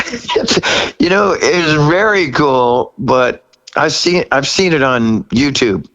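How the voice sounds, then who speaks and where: Slow and expressive, with a slightly bright tone, a sixty-something rock singer shares a story as a guest in an easygoing interview. He laughs frequently and his pitch shoots up when quoting himself, all captured on a rough recording.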